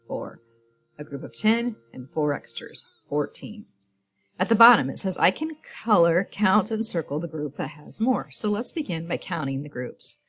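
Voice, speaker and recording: Slow, low-voiced woman teacher. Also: husky. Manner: patient, step-by-step, counts aloud. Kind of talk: recorded classroom instructions.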